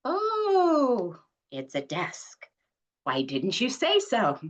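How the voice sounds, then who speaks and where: A woman's voice: on the high side, huge pitch swings, extremely slow, voice pushed up, exaggerated voice. A woman reading a poem aloud, voicing a confused elderly mother who keeps mishearing words and asks puzzled questions.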